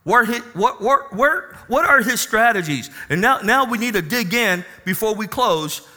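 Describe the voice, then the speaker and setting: Man, pastor, sermon, impassioned storytelling, fairly high voice, sharp piercing tone. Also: expressive, normal speed. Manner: impassioned storytelling, rising to loud emphatic bursts. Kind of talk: sermon with personal testimony.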